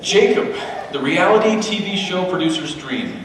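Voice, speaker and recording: A man delivers a stand-up set with wry, deadpan asides, his voice a little higher than most. He is recorded from far away in a big church hall, with heavy echo and a long reverb trailing off. A faint room murmur sits underneath. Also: moderate pace, a little hiss or hum. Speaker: comedian at a church.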